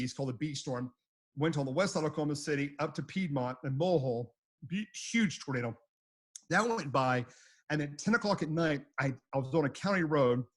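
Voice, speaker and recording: Husky storm chaser telling stories. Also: male voice, on the high side. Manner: rambling, repeats phrases. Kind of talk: casual storytelling.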